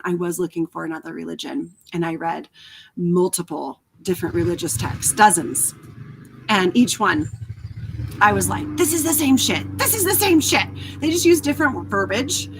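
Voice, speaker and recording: A woman hosting a casual live stream, chatting through viewer comments in an animated, candid way, swearing freely and laughing often. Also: mid-range voice, breathy edge. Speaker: host of a live talk stream.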